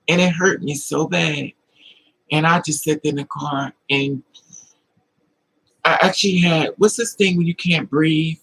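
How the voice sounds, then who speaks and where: Husky, creaky-voiced man confiding emotionally. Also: on the high side, takes it slowly, long pauses, a bit bright, poor audio. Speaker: livestream host. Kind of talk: casual livestream talk, answering chat.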